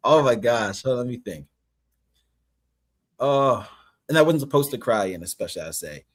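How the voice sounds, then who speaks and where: Canadian male guest, husky, rambling, loose chat. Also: mid-range voice, animated, measured pace, long pauses. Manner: loose, rambling, many fillers. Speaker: actor guest. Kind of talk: casual interview chat.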